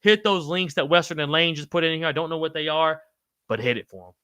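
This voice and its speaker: A bright, forceful man's voice, sitting a bit above average pitch. He hosts a casual livestream, reading comments and giving loose, slangy shout-outs to his viewers. The sound is dry and close. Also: quick pace, clear, resonant tone, dry recording. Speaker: livestream host.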